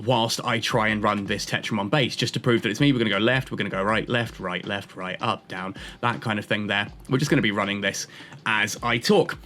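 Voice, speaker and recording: A man's voice: mid-range voice, a bit bright. A man chatting casually with his viewers as he plays a game and narrates, rambling from one thought to the next. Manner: chatty, rambling stream of consciousness. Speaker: gaming YouTuber. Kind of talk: casual commentary while playing.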